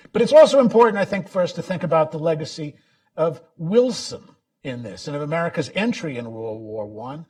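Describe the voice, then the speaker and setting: A man giving a public talk about his book, halting with many restarts and sudden bursts of emphasis. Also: fairly high pitch, distant mic. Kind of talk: public lecture. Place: lecture event.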